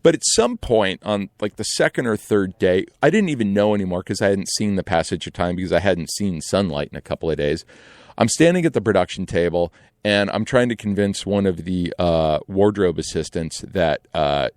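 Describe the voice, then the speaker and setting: A young adult man telling a casual story in an animated way, acting out other people's lines. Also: deep voice, brisk, no echo, clean studio sound.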